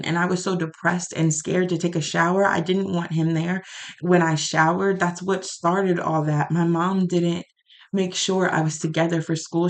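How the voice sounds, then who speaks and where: A woman speaking an emotional prayer aloud, raw, pleading and angry. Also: on the low side.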